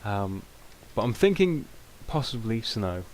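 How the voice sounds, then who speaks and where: A man's voice: fairly low pitch, sing-song, measured pace, darkish tone. Rambling British man, noisy recording. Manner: rambling, self-mocking, many ums. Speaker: gameplay commentator. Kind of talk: casual gameplay commentary.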